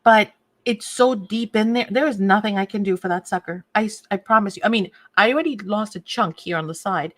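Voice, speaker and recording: A woman talks casually through a crafting livestream, her pitch sitting in the middle of the range. She chats with viewers as she works, fussing now and then over a sore nail. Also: fairly quick. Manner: chatty, reads viewer comments, fusses over a sore torn nail. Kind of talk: casual live chat while crafting.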